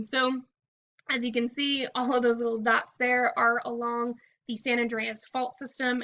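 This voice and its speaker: A woman with a bright, forceful voice walks students through a recorded college lecture. She explains casually, checking in with "okay" and filling pauses with "um". The recording sounds dull and lo-fi. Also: a little high. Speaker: college geology instructor.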